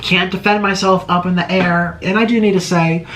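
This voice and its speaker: A man's voice: sits high, steady tone, normal speed, fairly bright tone, slight background noise, low-quality recording. A man vlogging to camera in an agitated, indignant rant, firing off rhetorical questions and mockingly imitating others. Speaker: YouTuber. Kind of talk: heated personal rant to camera.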